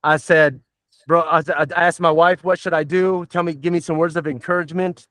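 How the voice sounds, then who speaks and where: Podcast host, middle-aged man, high voice, dry close sound, rambling and profane. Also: fairly even intonation, moderate pace, a bit bright, no echo. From Southern United States. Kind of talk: casual podcast chat.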